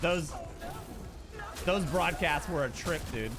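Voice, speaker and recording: A man's voice: a little high, slow, background noise. A young man streaming a game, chatting in a rambling, laid-back way, full of filler words. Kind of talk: casual chat while gaming.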